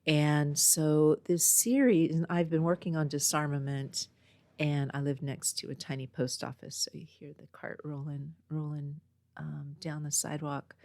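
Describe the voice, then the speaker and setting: A woman's voice: low-pitched, fairly even intonation, measured pace, darkish tone, no echo. A woman from Northern California hosting her own podcast, chatting in a meandering storytelling way. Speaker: podcast host. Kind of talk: casual chat. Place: home next to a small post office. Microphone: own podcast mic.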